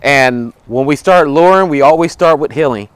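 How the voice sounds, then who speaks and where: Male dog trainer, higher-pitched, instructional; plain step-by-step explanation with short commands to the dog, outdoors. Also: moderate pace, smooth, no echo. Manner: explains step by step, tags lines with "right?" and "okay?".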